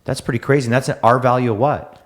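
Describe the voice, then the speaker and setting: A man's voice: mid-range voice, quick pace. A man with an Eastern European accent co-hosting a casual podcast interview, talking with enthusiasm. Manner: enthusiastic, animated, often laughing. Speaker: podcast co-host. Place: manufacturing facility.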